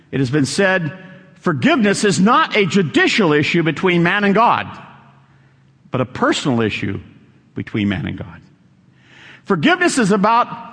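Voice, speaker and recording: A man's voice: fairly high pitch, a bit bright. Emphatic preacher man in a reverberant hall. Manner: emphatic, repeats key lines for stress. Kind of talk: sermon.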